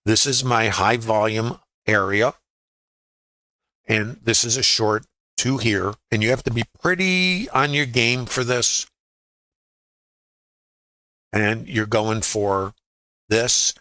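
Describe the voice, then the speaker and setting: Speaking slowly and pausing often, this man leads a live trading lesson, chatting his way through charts and posing rhetorical questions to his audience. His fairly low voice sounds pushed and bright, recorded with no room sound.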